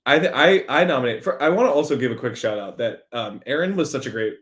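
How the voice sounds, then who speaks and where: A young man and former host, chatting as a guest on a podcast in a relaxed, rambling way. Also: medium pitch, fast. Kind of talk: casual chat.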